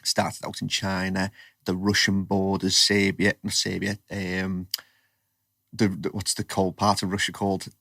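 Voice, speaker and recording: A man's voice: deep voice, monotone, unhurried, gravelly, sharp tone, no room sound, clean studio sound. A man hosting a podcast interview, chatty and rambling, often restarting his sentences. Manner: chatty, rambling, self-correcting. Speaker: podcast host. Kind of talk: casual interview chat.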